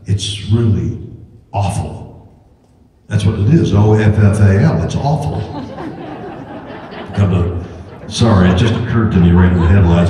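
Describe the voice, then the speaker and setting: An older man, a convention panel guest, telling jokey anecdotes to an audience with animated stop-and-start delivery. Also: on the low side, background noise. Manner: animated, repetitive restarts, jokey. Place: large convention hall. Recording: echoey hall recorded from far back.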